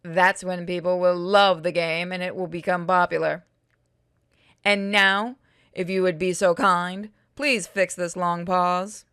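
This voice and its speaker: A woman's voice: fairly low pitch, steady tone, measured pace, a bit bright, smooth, no room sound, clean studio sound. A woman reading and narrating a game aloud, with joking, swearing, self-mocking asides.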